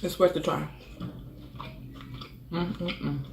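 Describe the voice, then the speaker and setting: Female food vlogger, casual mukbang chat, gravelly edge, echoey home room. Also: low voice, fairly even intonation, extremely slow, a little mellow, a little hiss or hum. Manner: chatty, savoring with frequent mm sounds between bites. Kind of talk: casual mukbang eating vlog.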